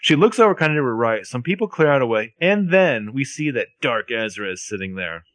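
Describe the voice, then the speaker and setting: A man's voice: medium pitch, sing-song, brisk, a bit bright, dry recording. A man co-hosting a podcast, wryly narrating the plot of a show in casual chat. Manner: narrates plot beats, loose and wry. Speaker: podcast co-host.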